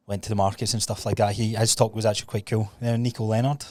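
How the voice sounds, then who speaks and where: A man's voice: lowish voice, level tone, fast, dark tone. A young Scottish man, a podcast guest, chatting casually and swearing easily. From Scotland. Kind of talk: casual chat.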